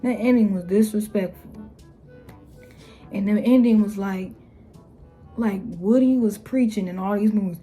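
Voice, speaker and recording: Blunt young woman with a mellow voice. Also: a little slow, pauses often, soft background music. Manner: blunt, exasperated, slangy, mocking quotes in a higher voice. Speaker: YouTuber. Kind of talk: casual opinion vlog.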